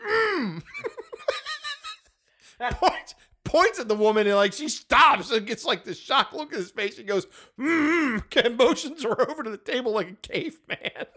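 Man, middle-aged, high voice, casual podcast chat, storytelling with frequent laughs. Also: lively intonation, moderate pace, sharp tone. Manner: laughs often while telling stories. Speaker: podcast co-host.

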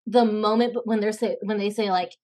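A young woman, an actress and podcast guest, chatting casually and telling animated stories, acting out the voices she quotes and laughing often. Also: mid-range voice, a little fast. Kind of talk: casual interview chat.

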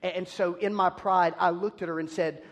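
High-voiced man telling a sermon story. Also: normal speed. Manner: animated self-deprecating storytelling. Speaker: preacher.

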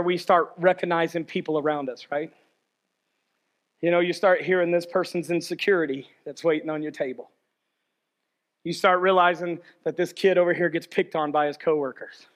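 A man preaching a sermon as a pastor, shifting between shouted exhortation and quiet, chatty storytelling. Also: on the high side.

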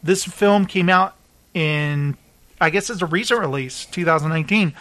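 A man's voice: on the high side, normal speed, fairly bright tone. A man hosting a casual chat who jokes around, reads film blurbs and stumbles over names. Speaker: host.

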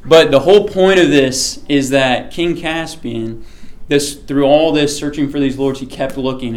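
A man giving a casual sermon to a small group, chatty and often checking in with the listeners. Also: mid-range voice. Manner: chatty, keeps checking in with "okay?".

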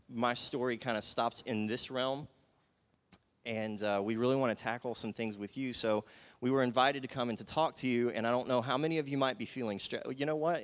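Relaxed man talking to a church group. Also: medium pitch. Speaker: guest speaker. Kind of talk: casual talk to a church group.

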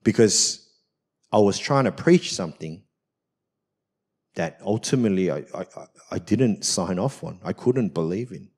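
Lively pastor telling a story. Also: male voice, deep voice, measured pace, long pauses, husky. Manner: conversational, frequent "right?" tag questions, self-mocking. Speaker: senior pastor. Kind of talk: personal sermon storytelling. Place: church service.

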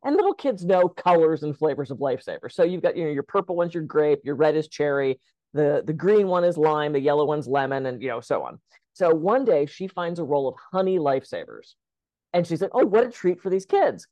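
A woman co-hosting a casual podcast, a lively, chatty storyteller who acts out the lines she quotes. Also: low voice, fairly quick, no echo. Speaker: podcast co-host.

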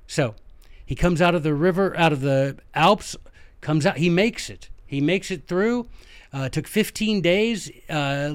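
A man with a Southern American accent, hosting a podcast and telling a history story in a casual, animated, folksy way, talking straight to his listeners. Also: mid-range voice. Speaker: podcast host.

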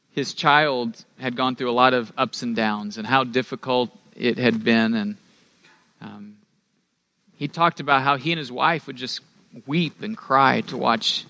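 A middle-aged man preaching a sermon as pastor, earnest, rising in pitch and force on key phrases and dropping to a soft near-whisper. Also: dry recording.

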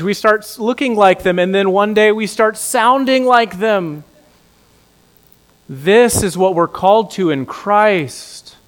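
A middle-aged man preaching an earnest sermon as a pastor, laughing at his own jokes and ending softly in prayer. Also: high-pitched.

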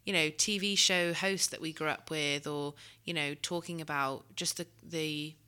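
A woman with a low-pitched, bright and crisp voice and a British accent that now and then slides toward American. She talks in a chatty, conversational way, full of "you know" and "like", as she asks and answers in an interview. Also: steady tone, normal speed. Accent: British, shifting toward American. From Britain.

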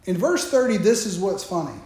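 A man's voice: high-pitched, sing-song, fairly quick, a little mellow, very echoey. A man preaching a sermon, talking straight to the congregation with joking asides.

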